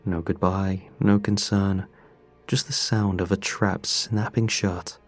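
A man narrating a first-person horror story in a measured, tense way. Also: deep voice, level tone, darkish tone, dry recording. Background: faint music.

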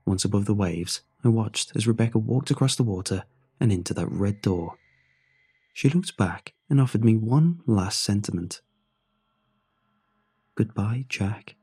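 Brief: low, dark-toned male narrator, husky, somber horror reading. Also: lively intonation. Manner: somber, measured first-person telling. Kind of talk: scripted horror story narration.

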